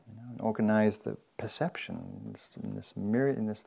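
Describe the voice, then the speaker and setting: A man, a meditation teacher, giving an informal dharma talk in a relaxed, chatty way, often saying "you know" and laughing softly. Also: fairly low pitch, a little fast, creaky, breathy edge.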